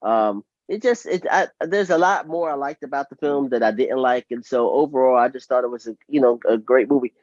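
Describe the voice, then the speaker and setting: A man hosting a casual podcast chat, enthusiastic and rambling, with quick apologetic asides. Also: medium pitch, a little mellow, no room sound, dull audio. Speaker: podcast host.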